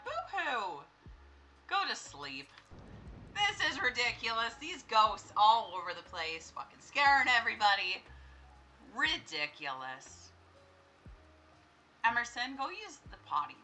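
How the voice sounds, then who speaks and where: A young woman with a bright, forceful voice gives casual gameplay commentary. She chats with the characters on screen as if they could hear her and sometimes bursts into startled, laughing screams. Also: fairly high pitch, very animated, unhurried, a little hiss or hum, low-quality recording. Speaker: gameplay streamer. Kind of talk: casual let's-play commentary.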